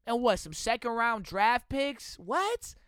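Young Texan man, high bright voice, loud animated sports-podcast rants, dry close mic. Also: normal speed, clear, resonant tone, dry recording. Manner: loud, animated ranting with laughter. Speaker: podcast host. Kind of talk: casual sports podcast chat. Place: indoor room with friends.

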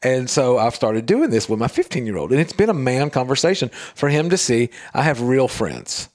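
A man's voice: mid-range voice, moderate pace. A middle-aged man hosting a radio talk show, telling stories in casual chat and acting out quotes in a raised voice. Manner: animated storytelling, acts out quotes in a raised voice.

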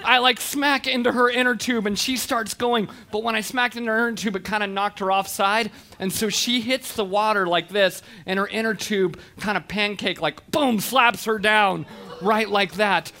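A man in his thirties giving an animated, expressive storytelling talk to an audience. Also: high voice, moderate pace. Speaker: speaker.

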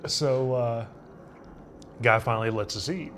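A young man spins a relaxed clubhouse story, unhurried and full of jokes, as a guest in an easygoing conversation. His voice sits at an everyday middle pitch. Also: slight background noise. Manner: laid-back, joking anecdotes with laughs. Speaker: guest, pro baseball pitcher. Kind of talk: casual storytelling chat.

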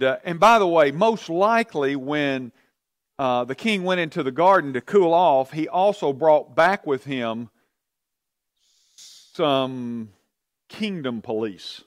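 A man's voice: on the high side, animated, a little slow, dry recording, studio quality. A man teaching a Bible study, telling the story with energy and asking his class questions.

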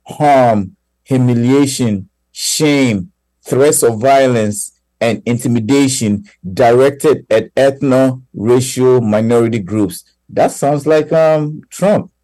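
A man co-hosts a radio talk show. His voice is mellow and relaxed, heard dry with no room around it. He speaks in a halting way, pausing on fillers as he works through his thoughts. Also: mid-range voice, no room sound, poor audio. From Ghana. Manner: halting, full of "you know" fillers. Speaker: radio co-host.

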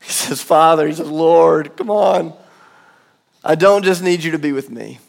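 A man in his thirties preaching a sermon as pastor, earnest and emphatic, slowing down for weight and dropping to soft low asides. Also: vocal fry. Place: church auditorium.

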